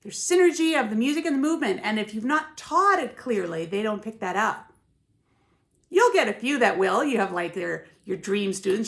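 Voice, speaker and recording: A woman's voice: mid-range voice, lively intonation, moderate pace, vocal fry, a bit bright. A woman who teaches ballet, giving emphatic, musical teaching tips and often checking in with "yeah?" and "right?". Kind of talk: teaching tips to camera, with sung counts.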